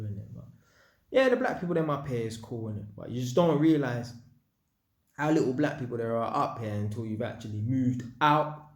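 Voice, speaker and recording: A man's voice: mid-range voice, reverberant. A young man from North London with a London accent, telling stories casually to camera in slangy street talk. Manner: slangy, animated, acts out voices in quotes. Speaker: vlogger.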